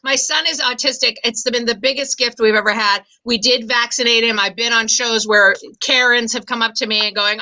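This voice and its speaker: A woman in her forties performing stand-up, her voice pitched high and very bright. She talks in a self-deprecating way, stumbling through fillers and restarts as she builds toward each punchline. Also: animated, normal speed, low-quality recording. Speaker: stand-up comedian. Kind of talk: stand-up comedy set.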